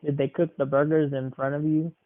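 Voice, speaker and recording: A man's voice: fairly high pitch, little pitch movement. A young man hosting a casual podcast, playfully asking his grandmother questions. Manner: playful, asks quick questions. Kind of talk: casual chat. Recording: tinny phone-like sound.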